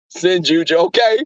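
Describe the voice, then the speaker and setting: A man's voice: on the high side, no room sound, muffled recording. A man telling crude, profane stories to live viewers from his workplace. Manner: crude, animated, frequent laughs and swearing. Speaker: live streamer.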